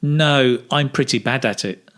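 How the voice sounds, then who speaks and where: A man teaching English speaking, modelling phrases slowly with exaggerated intonation for learners to repeat. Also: medium pitch, a bit bright. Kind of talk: slow, clear pronunciation drill.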